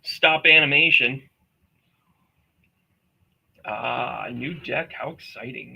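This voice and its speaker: A man's voice: mid-range voice, slow pace, vocal fry, long pauses, bright, forceful tone, slightly rough, low-quality recording. A man hosting a psychic medium livestream, talking to viewers in a rambling, chatty way with jokey asides. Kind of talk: casual livestream chat.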